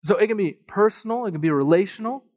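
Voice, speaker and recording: A man pastor preaching a sermon, telling a personal story in a casual, joking, animated way full of asides. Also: high voice, quick pace, dry recording, studio quality. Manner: conversational storytelling with self-deprecating humor; animated, with frequent fillers and asides.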